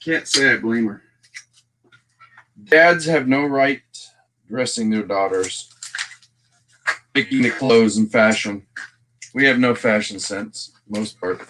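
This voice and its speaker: A man's voice: medium pitch, slow pace, pauses often, a bit bright, a little hiss or hum. A man with a Texan accent hosting a casual livestream, chatting along and greeting viewers by name as he goes. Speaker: livestream host.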